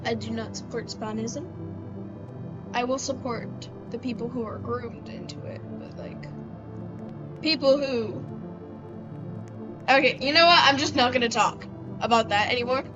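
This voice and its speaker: A woman's voice: sits high, muffled recording. A woman giving let's-play commentary, chatty and talking back to the game characters as she plays. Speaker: gamer.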